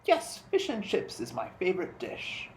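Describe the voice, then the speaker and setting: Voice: mid-range voice, wildly swooping pitch, unhurried, slight background noise, pitched above the performer's own voice. Brief: cranky picture-book king, fussy and complaining, voice swooping up and down , read by a storyteller. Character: fussy hungry grumpy king. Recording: roomy echo.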